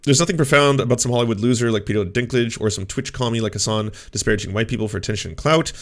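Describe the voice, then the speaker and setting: A man's voice: mid-range voice, rapid-fire. A man talking casually as a streamer, commenting sarcastically on what he reads aloud, swearing and mocking it.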